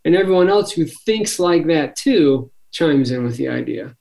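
A man co-hosting a spiritual podcast, earnest and affirming, quick to agree and speaking about following the spirit. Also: fairly high pitch, lively intonation, creaky, darkish tone, poor audio. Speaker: podcast co-host. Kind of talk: casual spiritual podcast chat.

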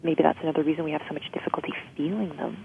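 A woman's voice: low-pitched, steady tone, racing, gravelly, slight background noise. A woman guest explaining emotional healing in an interview, often checking in with "right?". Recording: tinny phone-like line.

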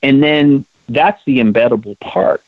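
The co-founder of a women's leadership project, a man, is interviewed conversationally and speaks earnestly and emphatically at a measured pace in a mid-range voice. He often repeats words as he starts his sentences over. The recording is dry, with a tinny phone-line quality.

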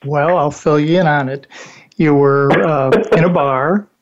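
A man's voice: fairly high pitch, fairly even intonation, measured pace. A man hosting a casual interview, making brief encouraging remarks. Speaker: host. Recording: dull lo-fi audio.

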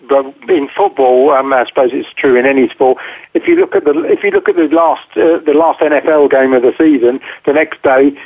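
A man speaking as a guest over the phone, his voice thin and narrow like a telephone line. He talks directly and with emphasis, restarting and repeating words as he works out his points. His pitch sits in an ordinary middle range for a man. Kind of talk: phone interview.

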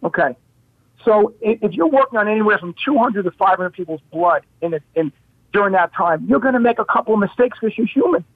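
A man with a high voice talks emphatically, tossing out rhetorical questions as he tells his story. The sound is dry and tinny, like a phone line. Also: animated, a little fast, no echo. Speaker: guest, health practitioner. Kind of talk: animated storytelling on a talk show.

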